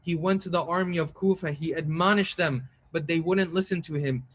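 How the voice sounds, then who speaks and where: A man with a slightly high voice preaches a mournful sermon. He tells a sad story with mounting emotion, breaking into quick chant-like recitation now and then. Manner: emotional, rising into pleading recitation; quotes Arabic lines in quick chant-like recitation. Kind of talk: mournful majlis sermon narration.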